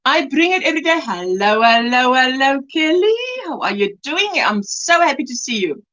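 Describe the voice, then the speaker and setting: A woman's voice: high voice, sing-song, moderate pace, a bit bright, dull audio. A woman from South Africa hosting a casual crochet livestream, greeting viewers by name and reading out chat comments.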